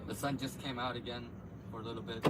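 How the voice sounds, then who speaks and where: A man's voice: mid-range voice, little pitch movement, quick pace. A man live-streaming outdoors outside a courthouse, chatting casually and complaining in loose slang about how cold he is. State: shivering cold. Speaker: livestreamer. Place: outdoors by a courthouse, street traffic. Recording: distant mic, loud outdoor traffic noise.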